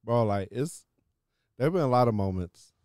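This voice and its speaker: A man's voice: mid-range voice, lively intonation, normal speed, a little mellow, smooth, no room sound, clean studio sound. A man hosting a podcast, rambling casually and starting many sentences with "yo" and "like". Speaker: podcast host.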